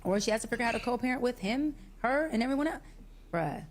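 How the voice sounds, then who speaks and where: A woman's voice: a little high, animated, fast. A woman in her fifties, speaking frankly and bluntly as an interview guest in casual talk. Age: 50s.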